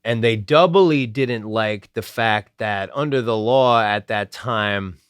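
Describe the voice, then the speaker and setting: A man in his late thirties from New Jersey, talking loosely in an interview about his songwriting. His voice sits fairly low and comes across smooth and resonant. He rambles through fillers with a sardonic edge. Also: takes it slowly, a bit bright, no room sound, clean studio sound. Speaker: songwriter and band frontman. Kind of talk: casual retrospective interview.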